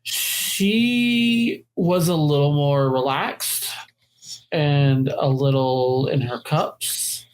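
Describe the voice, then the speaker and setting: A player in a storytelling game who reads out the questions and tells stories in character. The delivery is very slow and measured, at a middle pitch. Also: low-quality recording. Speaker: game player asking prompts.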